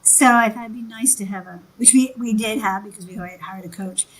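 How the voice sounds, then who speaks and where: A woman who is a film producer, telling animated anecdotes in a livestream interview. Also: mid-range voice, a little fast, slightly rough, poor audio.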